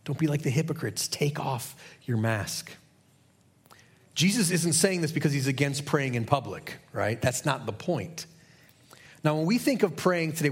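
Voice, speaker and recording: Husky-voiced man preaching a sermon. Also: medium pitch. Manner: earnest, conversational preaching with rhetorical questions. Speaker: pastor.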